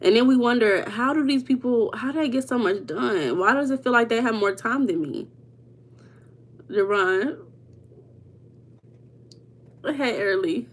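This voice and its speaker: A woman hosting a casual livestream. She chats with viewers by name, laughs often and slips into a relaxed teaching talk. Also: a little high, measured pace, long pauses. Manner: chatty, reads out viewers' names and answers them. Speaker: livestream host. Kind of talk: informal teaching on mindset.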